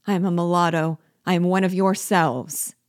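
A woman's voice: steady tone, a little slow, a little mellow, no room sound, studio quality. A woman voicing a desperate pleading male captive. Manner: desperate, pleading, rising in pitch. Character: terrified male planter pleading for his life.

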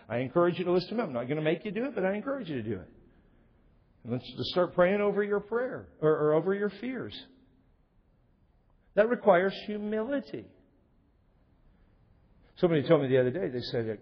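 Lively husky-voiced male pastor preaching. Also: high-pitched, normal speed, pauses often. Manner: emphatic preaching with rhetorical questions and quoted scripture. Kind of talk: sermon. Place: church sanctuary. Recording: lo-fi echoey church recording.

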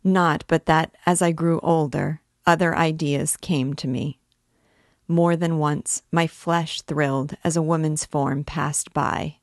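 A woman's voice: deep voice, steady tone, slow pace, dry recording, studio quality. A woman reading aloud voices a tormented male priest making a brooding, intense confession. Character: tormented middle-aged male priest, obsessive.

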